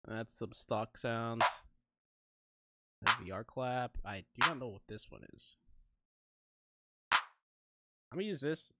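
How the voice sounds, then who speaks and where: Against heavy background noise, a young man with a medium-pitched, expressive voice talks slowly with long pauses. He's live-streaming his music production, rambling casually, cutting himself off and frequently laughing.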